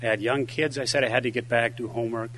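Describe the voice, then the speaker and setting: An older man speaks at a conference, telling anecdotes and a joke with a lively storytelling delivery. His voice is medium-pitched and fast, with slight background noise.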